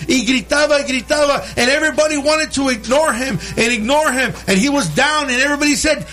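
Husky-voiced preacher switching English and Spanish. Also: extremely high pitch, brisk, few pauses, faint music behind. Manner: preaching, switching between English and Spanish, calling out "hermano" and "amen"; rises to shouting and sing-song cadence. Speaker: pastor. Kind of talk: bilingual sermon.

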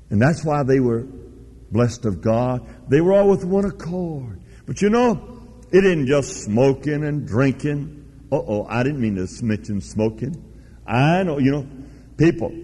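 Fiery preacher in a reverberant church. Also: male voice, breathy edge. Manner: swings between loud high bursts and low quiet asides; folksy and teasing, mimics church members. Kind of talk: fiery revival sermon. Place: church sanctuary.

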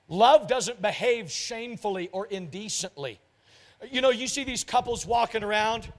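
A man preaching a sermon as a pastor, emphatic and repetitive, often acting out quoted voices. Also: sits high. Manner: emphatic preaching, repeats phrases, mimics couples in quotes.

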